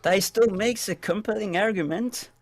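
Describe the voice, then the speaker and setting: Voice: medium pitch, normal speed. A player in a tabletop game, hesitant and thinking aloud. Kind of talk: casual tabletop game chat.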